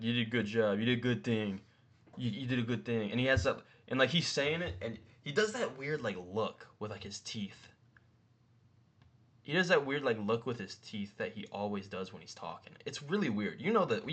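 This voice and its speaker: Rambling, profane young man. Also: fairly bright tone. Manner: rambling, swearing, jumps up in pitch for emphasis. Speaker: mma commentary host. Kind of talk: casual profane ranking commentary.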